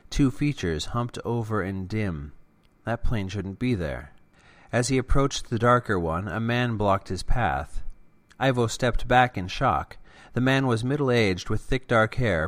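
A man narrating a serial story in a steady, deliberate reading. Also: fairly low pitch, dry recording.

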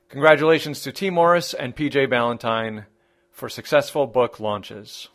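A male podcaster reads mock definitions deadpan and mock-formal. His voice is of middling pitch. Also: normal speed. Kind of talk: comic promo reading.

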